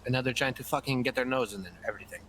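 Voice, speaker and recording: A man talking in character in a roleplay game, swearing constantly and rambling excitedly through a story. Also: mid-range voice, racing, a little hiss or hum.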